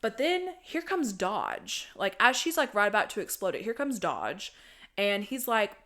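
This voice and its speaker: A young woman hosting a podcast, recapping a horror movie in a casual, animated, swearing style. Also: mid-range voice, a little slow. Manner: animated, profane storytelling. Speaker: podcast host.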